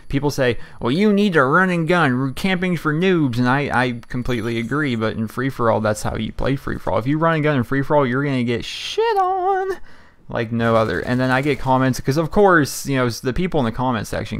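A man giving casual gameplay commentary as a video game YouTuber, chatty and rambling with lots of fillers and restarts. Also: medium pitch. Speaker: gaming YouTuber.

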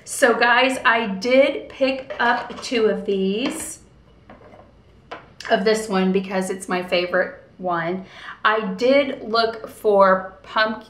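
A woman's voice: fairly high pitch, takes it slowly, fairly bright tone. Chatty woman vlogging in an echoey room. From United States. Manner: chatty and storytelling, acts out quoted dialogue. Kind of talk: casual vlog chat. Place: indoors at home in front of a window.

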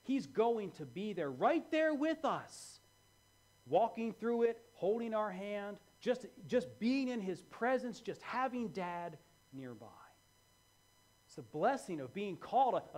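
A man preaching a sermon as pastor in a church, animated and moving between hushed and loud delivery. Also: high voice, measured pace.

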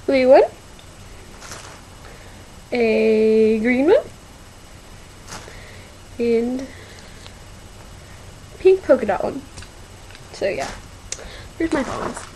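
A woman's voice: a little high, expressive, mellow, a little hiss or hum, low-quality recording. A young woman in her teens rambling through a casual shopping haul video, with lots of fillers and y'all. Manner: slow, rambling, filler-heavy, says y'all. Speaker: vlogger.

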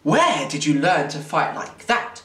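A man's voice: a little high, sing-song, a little slow, a bit bright. Man voicing a nervous teen boy, hesitant, stammering, storybook reading, echoey room, distant mic. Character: shy, nervous rich teenage boy. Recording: roomy, distant mic, faint hiss.

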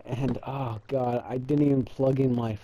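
A man's voice: medium pitch, little pitch movement, normal speed, lo-fi sound. A young man hosting his own gaming channel, talking over gameplay footage in a frustrated, apologetic, rambling way with many restarts.

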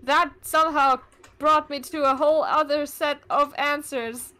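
A woman's voice: high-pitched, steady tone, a little slow, sharp tone. A young woman co-hosting a webcomic read-along, chatty and teasing, who laughs easily. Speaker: co-host, reading narration. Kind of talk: casual chat.

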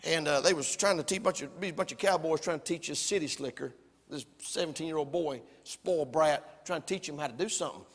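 A man, preaching a fiery sermon loudly, with folksy humor and shouts. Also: fairly high pitch, brisk, long reverb tail. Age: 40s. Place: church sanctuary.

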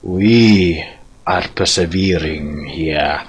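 A man voicing a gruff, pompous male warrior commander who lectures scornfully. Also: low voice, extremely slow, highs cut off, heavily acted.

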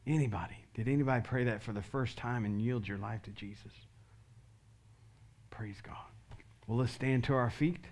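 A man's voice: medium pitch, fast talker, hardly any pauses, a little mellow. A male pastor giving an earnest sermon altar call, leading the congregation in prayer line by line. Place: church sanctuary.

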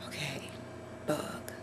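A woman vlogging to camera from her home office, swearing, laughing nervously and shrieking in fear. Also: noisy background. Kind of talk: casual vlog to camera.

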